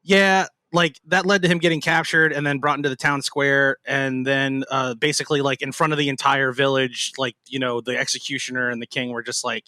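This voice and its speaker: A man's voice: medium pitch, brisk, few pauses, dry recording. A man chatting as a podcast guest, telling game stories with lots of fillers. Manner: animated storytelling with many fillers. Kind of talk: casual chat.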